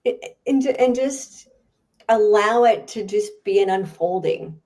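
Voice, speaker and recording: A woman, a guest author and speaker, answering in a podcast interview with a chatty, animated manner and frequent laughs. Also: medium pitch, unhurried.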